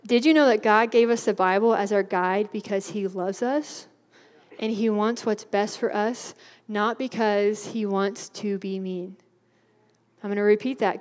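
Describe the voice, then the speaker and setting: A woman's voice: medium pitch, steady tone, unhurried, darkish tone. A young woman giving a youth sermon in a bubbly, chatty way, laughing often. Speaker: youth speaker. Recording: hall reverb.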